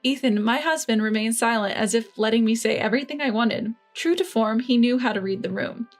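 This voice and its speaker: A woman narrating her own family revenge story in the first person, matter-of-fact and quietly smug. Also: on the high side, brisk, soft background music.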